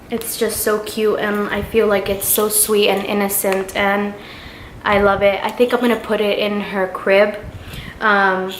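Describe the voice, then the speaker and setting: A woman's voice: mid-range voice, fairly bright tone, a little hiss or hum. A young woman chatting casually as she shows off baby clothes, gushing and full of fillers. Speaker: vlogger showing a baby haul. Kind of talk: casual show-and-tell chat. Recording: roomy home recording.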